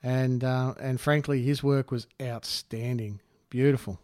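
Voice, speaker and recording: A man's voice: mid-range voice, fairly even intonation, measured pace, a little mellow, no echo. A man co-hosting a podcast, easygoing and chatty, calling people mate. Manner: easygoing, says mate, laughs often. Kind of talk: casual chat.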